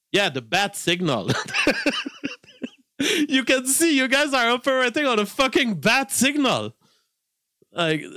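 A man's voice: on the high side, a bit bright, no room sound, clean studio sound. A man commentating casually on a live stream, reacting to clips in a rambling, heated way and repeating his points.

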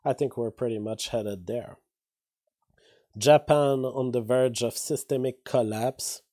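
A man talking through the news in a loose, casual vlog. His voice sits at an ordinary pitch with a mellow, warm tone, and he drifts into offhand asides between the headlines he reads out. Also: steady tone, slow pace. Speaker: vlogger reading news. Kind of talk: casual commentary on read-out headlines.

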